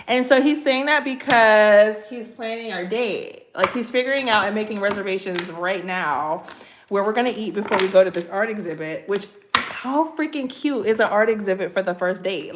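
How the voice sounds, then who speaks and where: A woman's voice: mid-range voice, lively intonation, moderate pace, a bit bright. A woman giving a casual tarot reading, chatty and playful, talking straight to her viewers with lots of asides. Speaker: tarot reader. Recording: echoey room with faint background noise.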